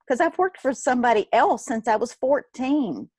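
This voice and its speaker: A woman in her fifties, a guest in an interview, telling a personal story in a lively way, acting out what others said and laughing often. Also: on the high side, moderate pace, dry recording. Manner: animated, acts out quoted dialogue, laughs often. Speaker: guest, retired nurse turned business owner.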